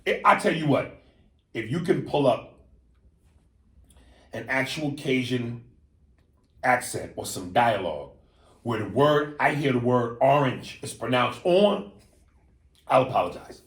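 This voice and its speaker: A man co-hosting a podcast in casual chat, animated and profane, often mimicking accents and slang. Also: mid-range voice, unhurried, long pauses, reverberant. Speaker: podcast co-host.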